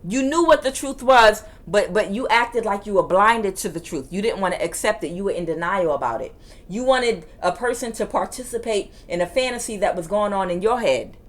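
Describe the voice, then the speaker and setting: A woman's voice: mid-range voice, lively intonation, moderate pace. Emphatic woman giving a tarot reading. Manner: emphatic and forceful, sounds like yelling; repeats phrases for emphasis. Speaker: tarot reader.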